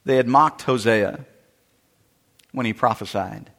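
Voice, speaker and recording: A man preaching a sermon, emphatic, with sudden drops to quiet and rises to loud. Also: medium pitch, unhurried, creaky. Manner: emphatic preaching with wide swings in loudness. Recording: long reverb of a large hall.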